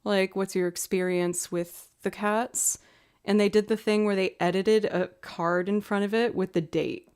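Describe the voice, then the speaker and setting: A young woman chatting casually on her livestream, full of "like" and filler, now and then slipping into soft baby talk. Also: medium pitch, fairly even intonation, unhurried, clear, resonant tone. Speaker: livestreaming musician.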